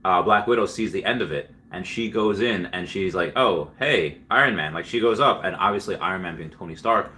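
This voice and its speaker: A man hosts a casual livestream in a rambling, offhand way, filling his talk with fillers and quick restarts. His voice sits on the lower side yet comes across bright and forceful. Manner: rambling, filler-heavy storytelling. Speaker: livestream host.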